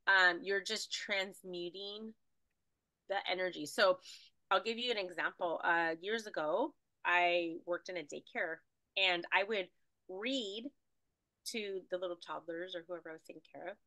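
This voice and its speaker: A woman energy healer talking casually and animatedly, rambling with fillers as she guides a spiritual clearing. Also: fairly low pitch, measured pace, sharp tone, no echo, low-quality recording. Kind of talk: casual spiritual healing talk.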